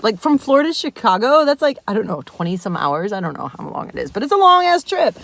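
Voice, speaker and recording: Giggly woman in her 30s rambling from her car, high bouncy voice, swears a lot, dry close sound. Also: lively intonation, brisk, dry recording. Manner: giggly, laughs often, swears freely, says "like" a lot. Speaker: vlogger. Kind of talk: casual rambling monologue. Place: inside a parked car in the rain.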